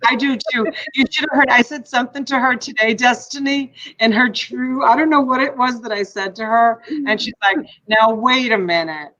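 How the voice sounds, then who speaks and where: A woman's voice: on the high side, fairly even intonation, fairly quick, hardly any pauses, pushed and bright. A woman chatting casually during a live online sale, stumbling and repeating words as she goes. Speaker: livestream seller. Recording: muffled livestream audio.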